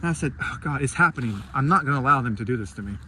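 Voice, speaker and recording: A man's voice: medium pitch, lively intonation, very fast, sharp tone, a little hiss or hum. A man telling a rambling, profane story about his day, acting out his own reactions in a casual vlog.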